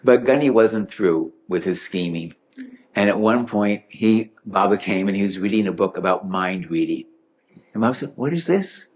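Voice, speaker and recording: A man's voice: sits low, moderate pace. A man giving a humorous talk, telling anecdotes with chuckles and acting out the people in them. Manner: witty, chuckling storyteller acting out quotes. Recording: dull lo-fi recording.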